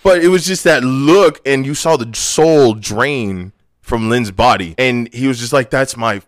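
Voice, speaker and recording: A podcast co-host with a medium-pitched, unhurried voice tells a story in casual chat, animatedly acting out the people in it. The recording is dry and studio quality.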